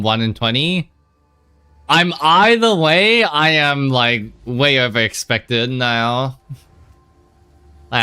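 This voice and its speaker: A man's voice: medium pitch, sharp tone, smooth. Drowsy, rambling male game streamer. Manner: rambling, sleepy and swearing, with many fillers. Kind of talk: casual live-stream commentary.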